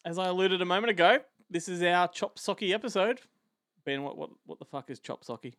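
A man hosting a movie podcast, jokey and quick to laugh. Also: high-pitched, expressive, fairly bright tone, dry recording, studio quality. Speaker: podcast host. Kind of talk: casual movie podcast chat.

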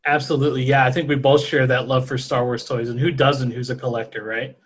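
A man's voice: medium pitch, little pitch movement, brisk, husky. A man in his thirties with a New Orleans accent, co-hosting a podcast in a chatty, filler-laden way. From New Orleans, Louisiana. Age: 30s. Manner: chatty, with frequent fillers and restarts. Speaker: podcast co-host. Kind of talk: casual podcast chat.

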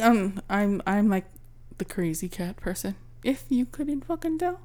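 Woman podcast cohost, slow easy talk, rambly stories, swears a lot. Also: mid-range voice, slight background noise. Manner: rambling, swears casually, animated storytelling. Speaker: podcast co-host. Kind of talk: casual chat.

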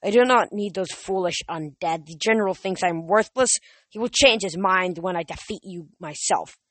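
A man's voice: on the high side, normal speed, no echo, close to an everyday voice. A reader doing a gloating French-accented male monster. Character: gloating villainous male monster in human form.

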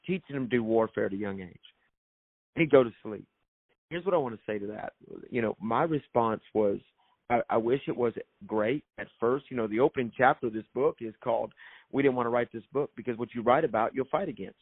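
A man's voice: mid-range voice, a little fast, husky, no echo. A man, an author and minister, telling his faith story as a guest in an emphatic, preacherly way and repeating phrases for effect. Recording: thin phone-like sound, dry.

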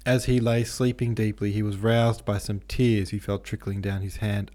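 A man's voice: on the low side, normal speed, hardly any pauses. A man hosting a book podcast, chatting casually about a novel and then reading it aloud. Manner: relaxed, chatty. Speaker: podcast host.

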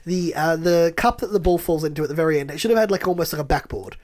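A man co-hosting a podcast, explaining things loosely and haltingly with lots of fillers. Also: fairly high pitch, darkish tone. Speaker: podcast co-host. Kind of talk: casual chat.

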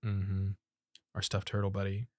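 A man's voice: deep voice, monotone, moderate pace, dry recording. A man hosting a casual podcast, rambling through plugs with many fillers. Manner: rambling, lots of fillers and laughs. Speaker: podcast host.

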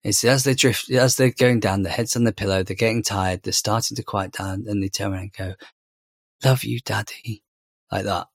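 A man's voice: on the low side, fairly even intonation, fairly quick, few pauses, no room sound, studio quality. A man in his thirties, a podcast co-host, talking casually about parenting with many fillers and restarts. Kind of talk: casual conversation.

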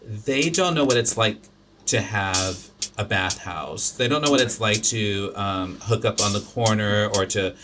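This podcast host speaks a little slowly, in a fairly low but slightly bright voice, with slight background noise behind him. He rambles through his opinions in a loose, casual chat that's packed with restarts and fillers.

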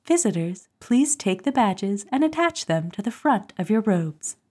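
A woman's voice: mid-range voice, unhurried. A woman doing a cool female phone-box announcer voice. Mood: cool, formal. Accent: attempted British. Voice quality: cool, smooth, even announcer delivery.

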